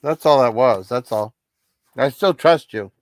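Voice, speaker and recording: A man's voice: medium pitch, unhurried, dry recording, clean studio sound. A man hosting a livestream, chatting casually with viewers in a rambling, apologetic, reassuring way. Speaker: livestream host.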